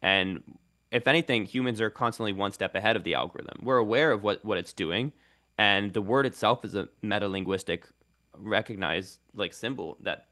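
A man's voice: lowish voice, pushed and bright. A man, a linguist and content creator, giving articulate, example-filled answers as a radio interview guest. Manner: articulate, explanatory, quick to give examples.

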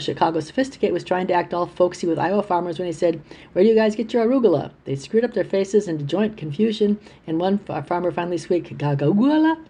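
A woman reading newspaper columns aloud in a steady, plain way, with the odd stumble over a word. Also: fairly low pitch, breathy edge.

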